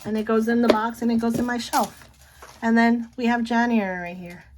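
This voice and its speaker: Chatty, excitable woman vlogger. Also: a little high, fairly quick, very noisy. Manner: chatty and excitable, keeps saying "look". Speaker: planner vlogger. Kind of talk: casual show-and-tell chat.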